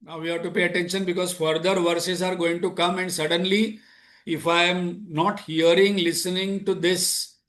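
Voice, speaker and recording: A man's voice: high voice, level tone, normal speed, a bit bright. A man giving a spiritual lecture on Vedanta, posing rhetorical questions and voicing objections. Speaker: Vedanta teacher.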